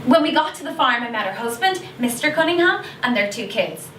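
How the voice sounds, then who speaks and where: A woman's voice: a little high, expressive, fairly quick, lightly acted. A woman performing a monologue as an Irish teenage schoolgirl who is sheepish yet defiant, speaking in a chatty, confessional way with an Irish accent. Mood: gossipy. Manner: chatty, confessional, slips into gossipy asides. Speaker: stage actor performing a monologue. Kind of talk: theatrical monologue. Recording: echoey room, distant mic, noisy video call.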